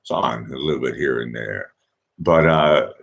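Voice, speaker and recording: A man's voice: extremely low pitch, moderate pace, creaky. A man, hosting a late-night online music request show in a rambling, chatty way with many restarts and asides. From Boston, USA. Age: 50s. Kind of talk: casual late-night livestream chat.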